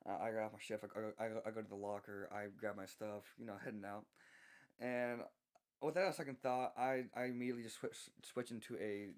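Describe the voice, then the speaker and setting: Young Southern man, lowish voice, soft-spoken storyteller, halting restarts. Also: steady tone, smooth. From American South. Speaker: voice actor telling a work story. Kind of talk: unscripted storytelling.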